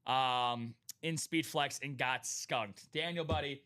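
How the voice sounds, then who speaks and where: A man hosting a live sports memorabilia stream, talking in an energetic hype style and greeting viewers by name. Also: medium pitch, slow. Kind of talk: casual live-stream chat.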